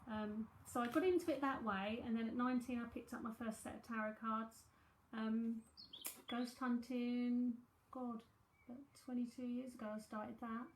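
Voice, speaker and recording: A woman's voice: a little high, fairly even intonation, normal speed, slight background noise. A woman in her forties with a South London accent, giving a live psychic reading and chatting breezily with viewers, full of asides and fillers. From South London, England. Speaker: psychic medium and tarot reader. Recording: echoey room.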